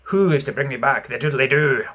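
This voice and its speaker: A man doing a purring, menacing pirate captain. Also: fairly quick. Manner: purring, mock-courteous menace, louder and higher. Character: menacing, silkily cruel male pirate captain. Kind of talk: audiobook reading.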